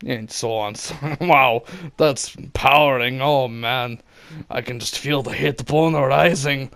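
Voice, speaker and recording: A man reading an online story aloud, breaking off for wry asides and shouted re-enactments. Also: medium pitch, a little slow, vocal fry. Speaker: reader of online stories.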